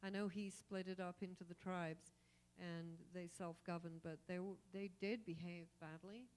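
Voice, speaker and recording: A woman's voice: fairly low pitch, fairly even intonation, moderate pace, darkish tone, slight background noise. A woman speaking at a live gathering, sharing spiritual reflections in an earnest, conversational way.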